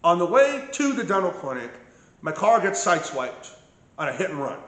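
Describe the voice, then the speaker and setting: In an echoey room, a man with a high voice tells of his medical ordeal at normal speed, very animated and fairly bright in tone. It's a casual personal account of mistreatment, delivered emphatically and peppered with "okay?"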